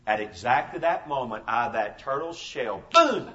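A man's voice: medium pitch, very animated, moderate pace, recorded from a distance, heavy background noise. A man in his fifties preaching a sermon as a pastor, telling stories emphatically and repeating his key phrases. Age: 50s. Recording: dull lo-fi sermon recording.

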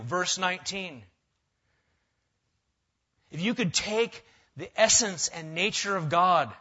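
Male pastor, slightly higher voice, emphatic sermon delivery, muffled recording. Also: expressive, normal speed. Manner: emphatic, rising to loud stresses then dropping quiet. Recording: dull lo-fi sound.

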